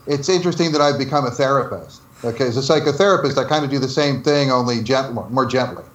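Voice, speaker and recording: A former game developer from New Jersey tells stories as a guest in a casual interview, laughing often and acting out the dialogue he quotes. He speaks fast in a mid-range voice, and the room is echoey.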